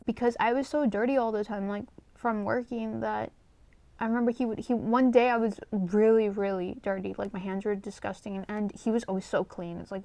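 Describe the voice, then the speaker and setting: A woman's voice: medium pitch, steady tone, fairly quick, warm tone, no room sound. A woman vlogger telling a personal story in casual storytime style, candid and rambling, with lots of fillers, swearing and an emotional, confessional tone.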